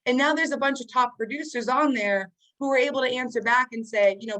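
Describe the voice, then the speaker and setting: A woman with a slightly high voice runs a sales training session over a video call. She coaches in a casual, upbeat way, filling pauses with fillers as she explains her daily routine. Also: bright, forceful tone, poor audio.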